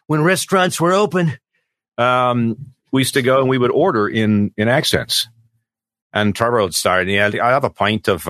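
A middle-aged male voice actor telling stories as an interview guest in a rambling, animated way, slipping into character voices. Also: fairly low pitch, no echo, studio quality. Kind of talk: casual storytelling in an interview.

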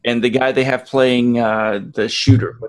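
A man's voice: mid-range voice, little pitch movement, a little slow. Rambling joking man in casual chat. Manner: rambling storyteller, joking analogies. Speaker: podcast co-host.

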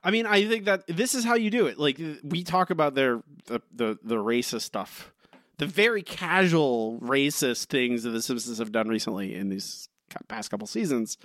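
Male podcast co-host, lively swooping pitch, bone-dry sound, rambling casual chatter. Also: normal speed, dry recording. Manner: animated, rambling with many "like" fillers. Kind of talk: casual chat.

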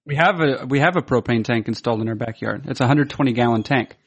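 A man co-hosting a podcast in casual, joking chat, needling his friend with questions and fast asides. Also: mid-range voice, breathy edge. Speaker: podcast co-host.

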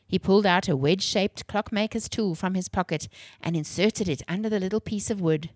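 A woman reading a children's story aloud in a clear, expressive way. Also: mid-range voice, a little fast, no echo, studio quality.

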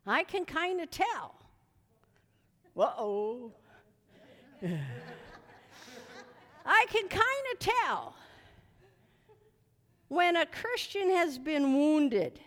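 A woman preaches a sermon with a high voice that leaps around her range. She is bright and unhurried, shouting at times and chatting through stories at others. Her voice rings out in a hall with a long echo. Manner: animated, shouting commands at spirits, then chatty storytelling with asides. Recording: reverberant hall.

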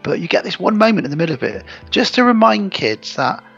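A man's voice: high-pitched, very animated, fast, gravelly, a bit bright, husky, muffled recording, faint music behind. A man co-hosting a podcast, chatting casually about a film and acting out its lines. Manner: chatty, acts out movie lines in silly voices. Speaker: podcast co-host.

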